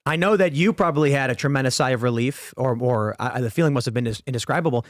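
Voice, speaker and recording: A man's voice: mid-range voice, quick pace, dry recording, clean studio sound. A man hosting a podcast, chatting casually with his panel, reading viewer comments aloud and often repeating words as he starts a sentence. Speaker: podcast host.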